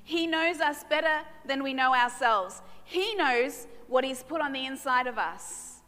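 A woman's voice: high-pitched, lively intonation, a little slow, bright, forceful tone. A woman pastor preaching a sermon with passion and emphasis, repeating key lines. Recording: reverberant hall with music behind.

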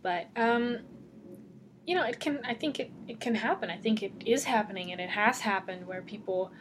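A woman's voice: on the high side, expressive, moderate pace, a little hiss or hum. A woman hosting a solo podcast, chatting casually and rambling, laughing often as she talks. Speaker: podcast host. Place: lives alone in Amsterdam.

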